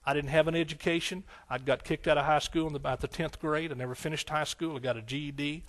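A middle-aged pastor preaches his testimony in a slightly high voice. He swings between hushed, tearful stretches and loud, fervent exclamations. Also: steady tone, quick pace. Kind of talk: sermon testimony.

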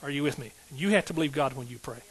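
A man's voice: mid-range voice, very fast, breathy edge, poor audio. A middle-aged man, a pastor preaching a sermon in an emphatic call-and-response style with rising outbursts.

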